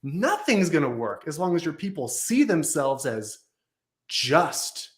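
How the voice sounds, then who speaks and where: A man appears as a guest on a business talk show, telling a story conversationally and repeating points for emphasis. His voice is slightly high, expressive, and slow.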